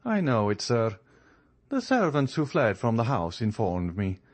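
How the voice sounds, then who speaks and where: A man reading an audiobook who voices a calm, devout priest with an Italian accent and a formal, courteous way of speaking. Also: mid-range voice, a little slow, dry recording. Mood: solemn. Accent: Italian, put on.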